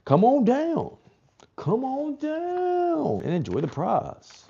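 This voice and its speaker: A booming game-show announcer, as a man puts him on, stretching every word into a high, excited holler. He sounds overexcited and big, well above his normal register. The sound is dull and lo-fi. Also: vocal fry, exaggerated voice. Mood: hyped. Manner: drawn-out, hollering delivery.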